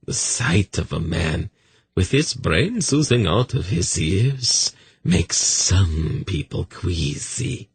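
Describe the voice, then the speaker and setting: A man voicing a soft-spoken male eunuch assassin in an audiobook, quiet and politely threatening. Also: low voice, big pitch swings, slow pace, gravelly, a little hiss or hum, heavily acted. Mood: quiet menace.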